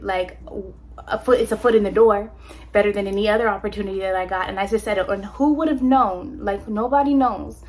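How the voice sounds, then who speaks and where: Candid, animated woman from California. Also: medium pitch, normal speed. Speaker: vlogger. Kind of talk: personal storytelling, motivational talk.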